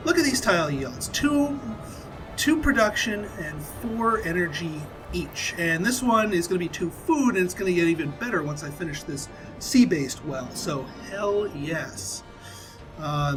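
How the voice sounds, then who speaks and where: A man's voice: high-pitched, poor audio. A man casually commentating his own strategy game playthrough, chatty and full of fillers and restarts. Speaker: gameplay commentator.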